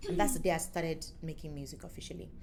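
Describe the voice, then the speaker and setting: A young adult woman with a Nigerian accent, telling her story as an interview guest in lively, playful chat and acting out the voices of others. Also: low-pitched, fast, creaky, noisy background. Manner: animated, playful storyteller who acts out quotes. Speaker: musician and former radio presenter, interview guest.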